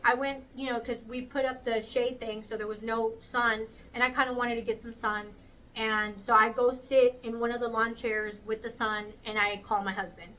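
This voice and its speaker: Bright animated woman telling a story. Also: on the high side, far from the mic, a little hiss or hum, low-quality recording. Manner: animated, acts out quoted voices. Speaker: vlogger. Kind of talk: casual storytime.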